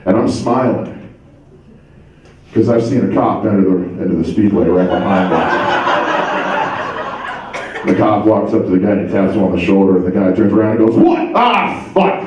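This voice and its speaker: A man telling stand-up comedy stories on a club stage, deadpan, acting out the people he quotes. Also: sits low, fast, background noise. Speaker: stand-up comic and host. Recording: distant dull mic in an echoey club.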